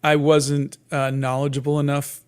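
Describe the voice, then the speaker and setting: A man in his fifties, a guest cartoonist talking casually in an interview, in a soft, sleepy-sounding voice with many halting restarts and fillers. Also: a little high, completely flat delivery, smooth. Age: 50s.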